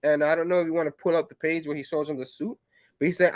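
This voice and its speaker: A man hosting a casual comic review show, rambling with lots of fillers and breaking into animated quoted bits. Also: fairly high pitch, fast talker, no room sound. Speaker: comic book show host.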